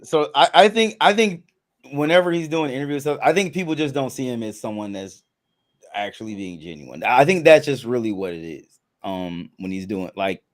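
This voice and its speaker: A man from the United States co-hosting a casual podcast chat, expressive, acting out what others say. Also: medium pitch, normal speed.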